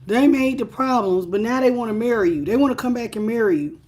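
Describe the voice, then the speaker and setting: Woman tarot reader on a livestream, a bit high-pitched, animated and direct with her viewers. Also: quick pace. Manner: animated, talks straight to the viewer and greets chat by name; repeats phrases for emphasis. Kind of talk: live tarot reading.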